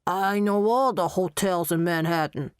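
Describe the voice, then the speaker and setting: A woman's voice: lowish voice, measured pace, clear, resonant tone, dry recording, clean studio sound, lightly acted. Woman doing a brash boastful cabbie. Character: male New York cab driver, boastful. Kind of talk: audiobook character voice.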